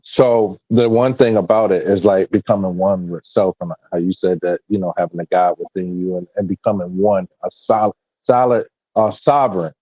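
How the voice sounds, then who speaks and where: A man in casual spiritual chat, speaking haltingly and backing others with frequent murmurs of agreement. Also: low voice, steady tone, slightly rough, dry recording, dull audio.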